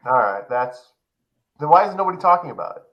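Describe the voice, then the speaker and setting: A man's voice: on the high side, big pitch swings, fairly quick, dull audio, a crowd in the background. A man co-hosting a casual fantasy football podcast, asking wry, skeptical questions. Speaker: podcast co-host.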